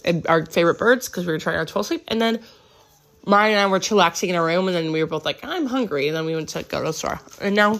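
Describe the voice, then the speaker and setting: A lowish, fairly bright voice moves at a quick pace as this American woman casually recaps her day from a hotel room for a travel vlog. She's chatty and rambling, dropping "like" constantly.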